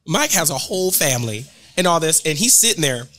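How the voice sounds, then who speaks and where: A man who is a guest performer, chatting casually at a bar, playful and quick to jump in. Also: fairly high pitch, sing-song, sharp tone, faint music behind. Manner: playful, interjecting.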